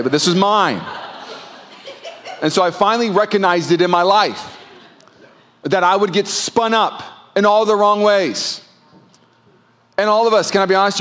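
Male pastor, 30s, slightly high voice, candid self-mocking sermon delivery. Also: fairly bright tone. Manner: candid, self-mocking storytelling with comic acted outbursts. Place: church stage.

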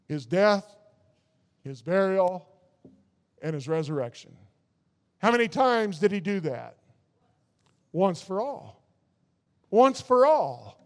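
Male preacher, high voice, unhurried emphatic sermon delivery, reverberant hall. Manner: slow and emphatic, reading scripture in drawn-out phrases; bursts into high animated asides.

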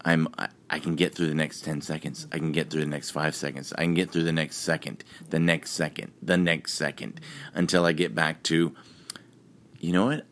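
A man's voice: very deep voice, level tone, brisk, hardly any pauses, fairly bright tone, slight background noise. A man hosting a podcast, talking casually through examples step by step. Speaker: podcast host. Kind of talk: casual explanatory chat.

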